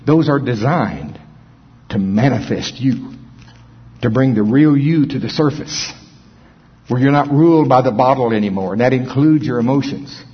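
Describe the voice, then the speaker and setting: A man preaching a sermon in a church service, animated, swinging from loud bursts to soft asides. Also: mid-range voice, normal speed, husky. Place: church hall. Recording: muffled sound in a long-echo hall.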